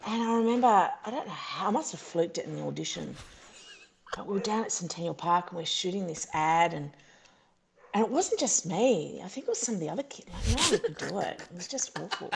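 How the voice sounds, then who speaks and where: A woman's voice: lowish voice, animated, fairly quick, creaky, a little hiss or hum. A middle-aged woman, an actor, chatting in a casual interview, self-deprecating and laughing, with many fillers and restarts. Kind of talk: casual video-call interview.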